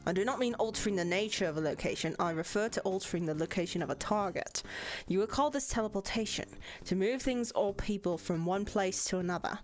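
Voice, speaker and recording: A woman voicing a stern older male magic professor with a put-on British accent, lecturing slowly and solemnly. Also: mid-range voice, voice pushed down, lightly acted.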